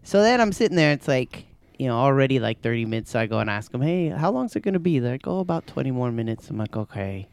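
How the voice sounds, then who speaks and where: A man co-hosting a casual podcast chat, with a gravelly, creaky voice and a lively pitch that swings widely. He tells stories with a laugh, acting out the voices of people in them. The sound is dry and close. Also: quick pace, few pauses, dry recording. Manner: animated storyteller, laughs often, acts out voices. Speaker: podcast co-host.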